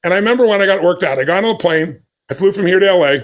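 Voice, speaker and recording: Animated high-pitched man telling stories. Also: rapid-fire. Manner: animated, emphatic, acts out quoted dialogue. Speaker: podcast guest. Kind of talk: conversational storytelling interview.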